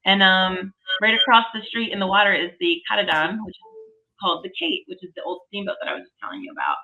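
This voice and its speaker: Bright, gravelly-voiced woman telling a story. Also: medium pitch, expressive, fast talker, highs cut off. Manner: enthusiastic storytelling. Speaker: podcast guest. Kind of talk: casual chat.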